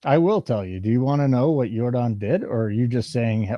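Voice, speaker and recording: A man's voice: mid-range voice, fairly quick, no echo, muffled recording. A man co-hosting a live sports betting show, chatting casually and teasing his co-host while reading chat comments aloud. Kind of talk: casual live-stream banter.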